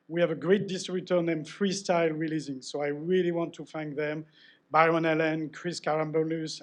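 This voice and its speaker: A middle-aged man with a French accent giving a joking, self-deprecating award acceptance speech and thanking people by name. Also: on the high side.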